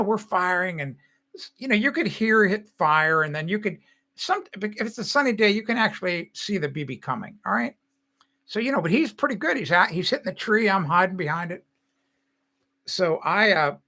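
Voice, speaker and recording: An older man chats on his live stream, rambling through stories and laughing often. His voice sits a little high, bright and forward, with a gravelly fry. The talk is loose and unscripted. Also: animated, normal speed. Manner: rambling storytelling with frequent laughs. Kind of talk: casual live stream chat.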